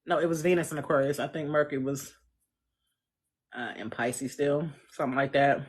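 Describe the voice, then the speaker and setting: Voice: medium pitch, a little fast, slightly rough. A chatty astrologer hosting a casual live stream, answering viewer comments with loose, slangy talk and frequent laughs. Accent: Central US. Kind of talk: casual livestream chat.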